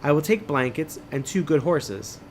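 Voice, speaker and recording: A man's voice: on the high side, animated, moderate pace, a little hiss or hum, lightly acted. A man voicing a young, eager orphan girl with long braids, reading her lines aloud in a lightly raised voice.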